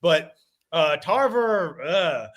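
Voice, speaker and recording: Male co-host, high bright voice, jokey boxing chat over a call. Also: sing-song, drawn-out words. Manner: jokey, rambling opinions. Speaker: podcast co-host. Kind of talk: casual boxing podcast chat. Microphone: remote call.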